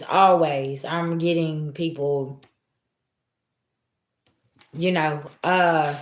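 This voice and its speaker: In an echoey room, a middle-aged woman with a voice on the low side chats casually with livestream viewers as a tarot reader. She's candid, heartfelt, and streetwise, swearing freely.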